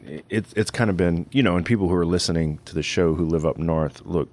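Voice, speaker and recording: A man's voice: low voice, fairly quick, a little mellow. A man from Louisiana with a Cajun accent, hosting a casual radio and podcast chat, talking loosely with lots of "you know". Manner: conversational, rambling with frequent "you know".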